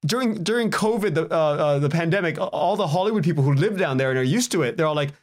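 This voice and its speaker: A man guest on a podcast interview, chatting casually and telling animated stories. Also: a little high, quick pace. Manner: animated, anecdotal storytelling.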